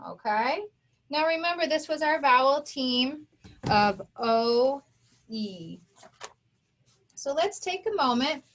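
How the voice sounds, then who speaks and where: A woman's voice: high voice, animated, takes it slowly, pauses often. A woman teaching a children's phonics lesson, patiently sounding out words and spelling them letter by letter.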